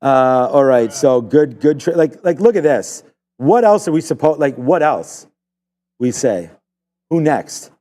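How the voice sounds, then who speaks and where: A man's voice: mid-range voice, lively intonation, a little slow, warm tone. A man hosting a live trading stream, talking through his trades in a loose, filler-heavy way. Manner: rambling, filler-heavy, thinking aloud. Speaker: live trading show host. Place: trading desk studio.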